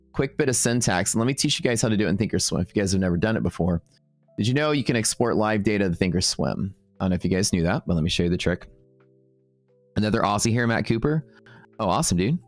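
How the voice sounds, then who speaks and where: Man, relaxed live-stream trading teacher, lowish voice, dry mic, chatty with his viewers. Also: no room sound. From Texas. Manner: casual and upbeat, full of fillers and quick asides to chat.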